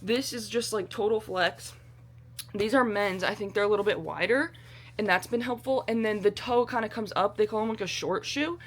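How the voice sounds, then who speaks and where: A woman's voice: mid-range voice, normal speed. A woman vlogging in a casual, rambling way, bubbly and self-deprecating, swearing freely and using a lot of slang. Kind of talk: casual chatty vlog.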